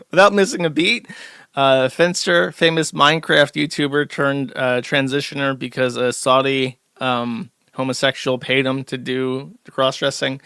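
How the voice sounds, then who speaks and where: A man delivers loose, sneering live-stream commentary, full of ums and restarts. His voice is bright and pushy, sitting at an ordinary male pitch, and the recording is dry, with no room sound. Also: vocal fry, dry recording. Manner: mocking, sarcastic, rambling with many fillers. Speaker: streamer host.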